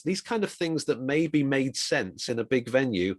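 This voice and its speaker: A middle-aged man giving an informal, reflective talk on communication for ministry, with quick asides. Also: mid-range voice, lively intonation, fairly bright tone, dry recording, studio quality. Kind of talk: conversational talk.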